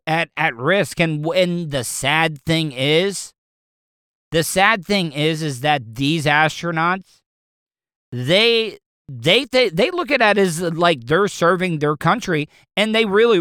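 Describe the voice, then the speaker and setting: Guy rambling on in a casual talk, bright crisp voice, dry close sound. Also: on the high side, dry recording. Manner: rambling, repeats words, restarts often.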